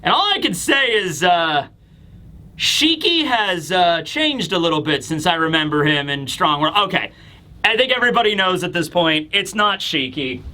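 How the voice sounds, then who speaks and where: A man casually reviewing a manga chapter, animated and acting out scenes with voices. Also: high-pitched, normal speed. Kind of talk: casual video commentary.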